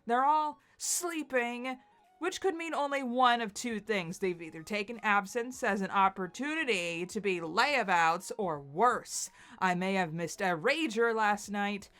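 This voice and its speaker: A woman's voice: medium pitch, expressive, measured pace, fairly bright tone. A woman voicing an anxious, melodramatic young man in a dramatic webcomic read-aloud. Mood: fretful. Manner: fretful and melodramatic.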